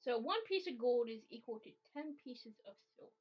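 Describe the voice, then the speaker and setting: A woman's voice: fairly high pitch, lively intonation, a little fast, breathy edge. A woman narrating as game master of a tabletop game, casual and giggly with lots of fillers. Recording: dull lo-fi recording.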